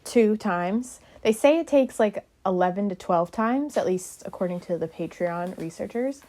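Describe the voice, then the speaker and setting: A woman's voice: mid-range voice, expressive, moderate pace, mellow. A young woman vlogger narrating casually, chatty and rambling with a self-deprecating streak.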